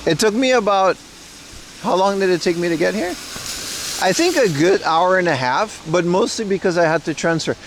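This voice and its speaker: A man's voice: high voice, lively intonation, moderate pace, slight background noise, low-quality recording. Chatty man streaming outdoors in rain. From Netherlands. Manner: chatty, rambling, laughs often. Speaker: livestream host. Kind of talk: casual IRL livestream chat. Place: outdoors on rainy mountain town streets, walking.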